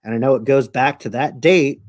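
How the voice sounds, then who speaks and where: A man voicing a strange old man who is calm, matter-of-fact and drawls with casual swearing. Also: medium pitch, normal speed, close to an everyday voice.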